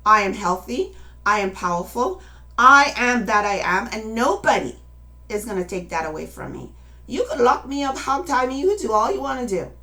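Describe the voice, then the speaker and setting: This activist, a woman in her late fifties, talks to viewers in a higher, sharp-toned, animated voice at a moderate pace. Her personal testimony is impassioned and emotional, sometimes near tears, as she pushes listeners to act.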